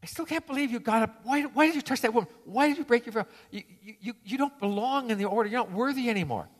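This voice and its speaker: A preacher acting out an indignant, self-righteous monk who scolds his companion in an accusing, high-strung way. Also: fast talker. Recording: reverberant hall.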